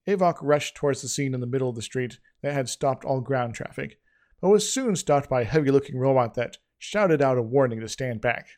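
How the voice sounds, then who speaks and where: A man's voice: mid-range voice, lively intonation, fairly quick, a little mellow. A man reading his own story aloud in a casual way, with frequent slips and restarts.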